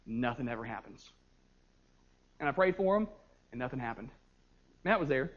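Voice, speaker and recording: A young man, a youth pastor, preaching a sermon and telling stories with lively energy, often repeating words as he goes. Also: medium pitch, normal speed, muffled recording. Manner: animated storytelling with frequent repeated words.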